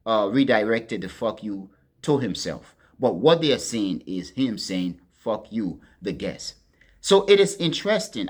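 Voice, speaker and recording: A man hosting a political commentary monologue, talking to his listeners as friends in a deliberate, emphatic way and leaning hard on key words. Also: on the low side. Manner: deliberate, addresses listeners as friends, stresses words with sharp swings in loudness.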